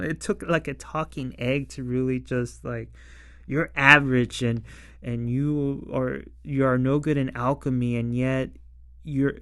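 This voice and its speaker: Slow-talking casual episode reviewer, smooth tone, rambles, laughs a lot. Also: mid-range voice, fairly bright tone, no room sound, clean studio sound. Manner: rambling, heavy on "like", laughs often.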